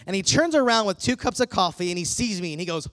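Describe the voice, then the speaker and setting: A man preaching a sermon, telling a story with lively acted-out dialogue, a middle-aged pastor. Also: sits high, fast.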